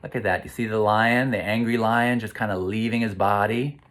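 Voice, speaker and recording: A man reading a picture book aloud to children, stopping often to ask them gentle questions and lead breathing pauses. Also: fairly low pitch, steady tone. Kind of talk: interactive read-aloud for kids.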